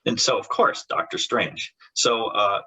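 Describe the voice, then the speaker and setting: A man with a husky, slightly breathy voice and a sharp, bright edge to it, giving a casual interview as a comic book artist. He rambles through his anecdotes, restarting sentences and laughing as he goes, and briefly puts on the voices of the people he describes. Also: fairly low pitch, measured pace, rough recording.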